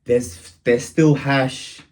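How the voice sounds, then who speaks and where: A man's voice: mid-range voice, steady tone, extremely slow, a little mellow. A young man telling a rambling, slang-heavy story in a casual storytime.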